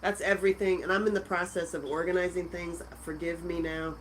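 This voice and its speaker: A woman's voice: fairly low pitch, fairly even intonation, fairly quick, a little hiss or hum, rough recording. A middle-aged woman hosting a casual live stream, chatting and laughing as she answers viewer comments from a friend's house. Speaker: livestream host.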